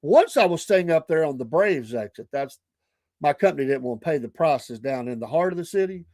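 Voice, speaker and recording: A man's voice: fairly high pitch, expressive, fairly quick, darkish tone, no room sound. A middle-aged man, hosting a morning show and telling rambling, chatty stories full of asides and self-corrections. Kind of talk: casual storytelling.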